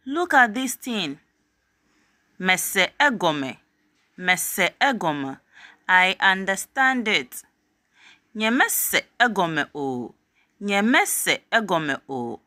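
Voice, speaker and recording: A woman's voice: medium pitch, bright, forceful tone, no room sound, clean studio sound. A woman teaching a language, saying each short phrase twice and then giving its meaning. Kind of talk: slow phrase-by-phrase language drill.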